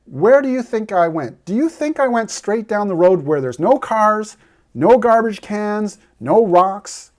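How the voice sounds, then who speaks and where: A man's voice: sits high, animated, measured pace. A man speaking straight to the viewer as a heartbreak coach, earnest and persuasive, giving a motivational talk. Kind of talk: direct-to-camera motivational talk.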